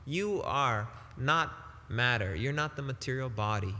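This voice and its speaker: A man's voice: medium pitch, lively intonation, bright, forceful tone. Man preaching in an echoey hall. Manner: deliberate, emphatic preaching with casual phrasing. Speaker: spiritual teacher. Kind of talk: devotional sermon.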